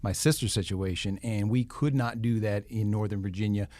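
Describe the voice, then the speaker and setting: A man's voice: fairly low pitch, steady tone, normal speed, darkish tone, dry recording. A middle-aged man with a New Jersey accent, a guest speaking in a casual interview, often repeating words as he restarts. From northern New Jersey. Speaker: guest, police foundation leader.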